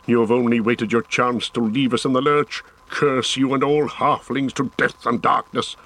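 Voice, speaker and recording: A man's voice: medium pitch, unhurried. A man reading an audiobook, voicing a proud, desperate adult male warrior who pleads and rages with passion. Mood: furious. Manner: impassioned, pleading then raging. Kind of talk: audiobook character voice.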